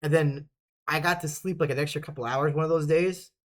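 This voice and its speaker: A man's voice: a little high, fairly even intonation, brisk. A young man casually telling stories from basic training, rambling and swearing a lot, laughing often as he goes. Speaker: vlogger. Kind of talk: casual storytelling.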